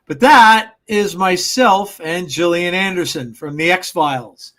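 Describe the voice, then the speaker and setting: A man with a fairly high voice co-hosts a casual podcast chat. He rambles through anecdotes, full of uh's and restarts, and laughs at his own stories. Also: takes it slowly, pushed and bright. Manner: rambling storyteller with many fillers and restarts. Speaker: podcast co-host.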